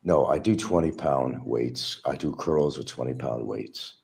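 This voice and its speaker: A man's voice: rumbling low, measured pace, vocal fry, darkish tone. A man hosting a stream, giving a combative, mocking monologue aimed at absent rivals. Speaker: livestream host. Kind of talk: ranting monologue.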